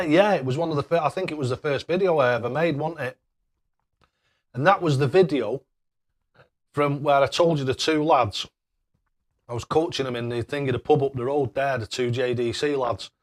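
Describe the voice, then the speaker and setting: A man's voice: mid-range voice, moderate pace, long pauses. A man hosting a casual live stream, chatting away and thanking viewers by name with matey banter. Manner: matey banter, calls people mate.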